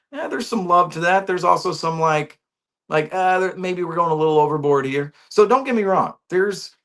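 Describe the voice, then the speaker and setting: A man hosting a sports talk show, giving his opinions in a casual, ranting way, full of restarts and rhetorical questions. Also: medium pitch. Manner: animated, ranting, many restarts and rhetorical "right?". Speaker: sports podcast host.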